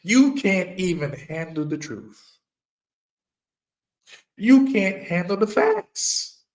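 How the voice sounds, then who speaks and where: A middle-aged man speaks in an impassioned, sermon-like monologue. His voice sits fairly high for a man, and he talks slowly, leaning hard on each phrase. He repeats his key lines and keeps throwing questions at the listener. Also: big pitch swings, a little mellow. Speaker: firearms trainer.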